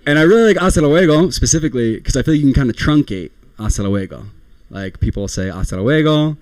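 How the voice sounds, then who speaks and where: Lively young man doing stand-up. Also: fairly high pitch, rapid-fire, dry recording. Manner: rambling, self-deprecating, laughs at own jokes. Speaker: stand-up comedian. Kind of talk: stand-up comedy set.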